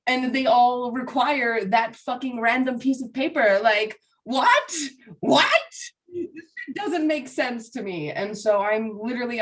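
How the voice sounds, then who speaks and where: A woman guest in a casual conversation, talking fast with plenty of swearing and frequent laughter. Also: on the high side, distant mic. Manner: fast, profanity-laced and laughing often. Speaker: podcast guest, psychic medium.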